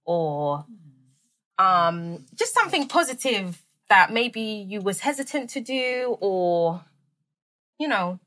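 A woman's voice: medium pitch, sing-song, slow pace, pushed and bright. A woman hosting a podcast, chatting casually and animatedly with slang. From United Kingdom. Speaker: podcast host. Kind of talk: casual chat.

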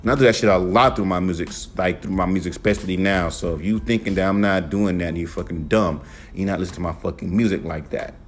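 Deep-voiced man ranting profanely. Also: fast, faint music behind. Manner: profane, emphatic, animated rant. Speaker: podcast host and rapper. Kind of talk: casual solo podcast rant.

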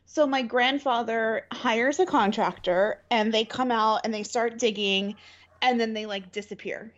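A woman's voice: fairly high pitch, a little slow, dull audio. A young woman co-hosting a podcast, casually telling a funny family story and acting out the people in it, often laughing. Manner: animated, laughs often, acts out quoted voices. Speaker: podcast co-host.

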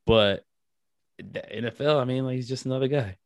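A man's voice: mid-range voice, fairly quick, creaky, no room sound, studio quality. Laid-back man co-hosting a podcast. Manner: laid-back, laughs often, swears casually. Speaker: podcast co-host. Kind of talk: casual chat.

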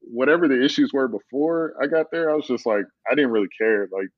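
A man's voice: mid-range voice, expressive, brisk, dry recording. A man chatting casually on a podcast in an easygoing, agreeable way. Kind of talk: casual chat. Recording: dull lo-fi dry mic.

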